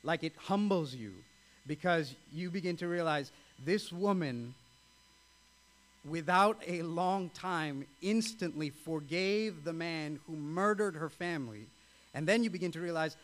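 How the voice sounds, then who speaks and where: A male pastor with a somewhat high voice, preaching. He reads a story aloud with feeling, then turns to speak earnestly to the congregation. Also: expressive, a little slow. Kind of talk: sermon with read-aloud story.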